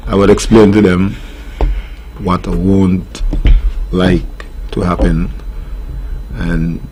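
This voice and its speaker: Deep-voiced Nevisian man, steel pan tutor. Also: a little mellow, a little hiss or hum. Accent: Nevisian Caribbean English. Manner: earnest, firm when listing rules. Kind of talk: casual interview answers. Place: radio studio.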